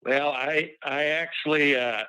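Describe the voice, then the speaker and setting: A man's voice: fairly high pitch, steady tone, a little slow, pushed and bright, smooth, no room sound, low-quality recording. A man calling in to a sports talk show, chatty and wry, rambling a little as he talks. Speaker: regular caller. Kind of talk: call-in sports chat.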